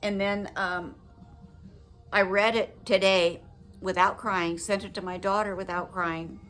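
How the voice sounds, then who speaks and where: An older woman talking to her viewers in a personal, heartfelt vlog, reflective, gentle and earnest, with emotion close to the surface. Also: mid-range voice, fairly even intonation, unhurried. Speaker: widow sharing advice with her viewers.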